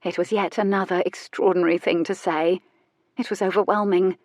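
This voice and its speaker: A woman reading a romance audiobook in a soft, measured, intimate narration. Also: fairly low pitch, fairly even intonation, dry recording.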